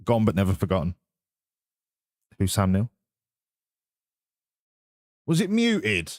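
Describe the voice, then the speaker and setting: A man's voice: on the low side, huge pitch swings, takes it slowly, no echo, studio quality. A man live streaming, chatting with his viewers and teasing them in a joking way. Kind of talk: casual stream chat with viewers.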